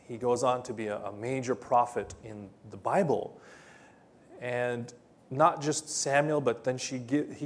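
A male pastor preaches slowly, retelling scripture stories with gentle, halting pauses. His voice sits at an ordinary middle pitch. He gathers his thoughts aloud and then carries on. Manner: hesitant, many ums and uhs, gentle storytelling. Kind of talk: sermon.

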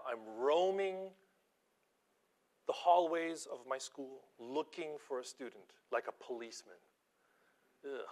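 A preacher with a fairly high-pitched voice tells stories from his job as a schoolteacher during a casual sermon. He is animated and self-deprecating, lowering his voice for asides and rising sharply to stress key points.

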